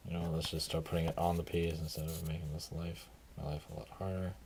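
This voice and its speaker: A man's voice: very deep voice, level tone, fast talker, darkish tone, a little hiss or hum. A tired man talking casually through his hobby crafting work, rambling and self-deprecating. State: tired, yawning. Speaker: hobby video maker.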